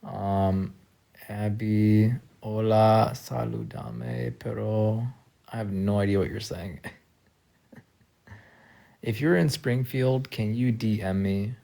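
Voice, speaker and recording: A tired man talking casually on a live stream from a friend's house, soft-spoken and trailing off with lots of fillers. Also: lowish voice, steady tone, takes it slowly, creaky, long pauses. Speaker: livestreamer.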